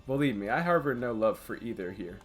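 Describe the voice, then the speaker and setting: A man reading aloud and voicing a powerful, proud female dragon in a game, a bit louder and higher than his own voice. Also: animated, fairly quick, faint music behind, natural voice. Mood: commanding. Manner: louder and slightly raised when voicing her.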